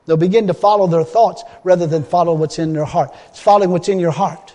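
A man's voice: sits high, fast talker, a little mellow, big-room sound. A man preaching a sermon in an emphatic, folksy way, often restarting his phrases.

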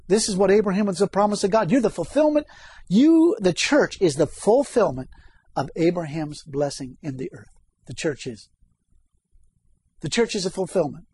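A man's voice: high-pitched, dark tone, breathy edge. A man preaching a sermon, reading scripture aloud and asking the congregation questions.

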